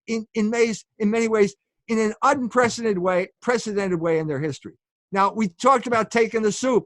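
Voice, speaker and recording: A man with a high-pitched voice lectures with force, throwing out rhetorical questions and pressing his point with a repeated "okay?". The sound is dry and close, with no room echo. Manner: emphatic, asks rhetorical questions, says "okay?" often. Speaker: guest author. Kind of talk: lecturing interview answer.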